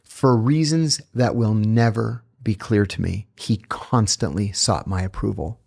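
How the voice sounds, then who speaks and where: A man, a guest author, telling stories in casual chat, animated and blunt, with the odd curse. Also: fairly low pitch, a little slow, vocal fry. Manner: animated, blunt, profane storyteller. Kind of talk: casual storytelling in a podcast chat.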